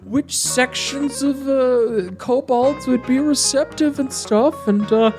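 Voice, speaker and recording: Man doing a high chirpy kobold priest. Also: takes it slowly, a little mellow, faint music behind, heavily acted. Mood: enthusiastic. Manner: chatty, rambling with fillers. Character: male kobold priest, cheerful, upbeat.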